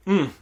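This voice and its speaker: A man hosting a podcast, telling a story in casual chat, animated, laughing often and swearing freely.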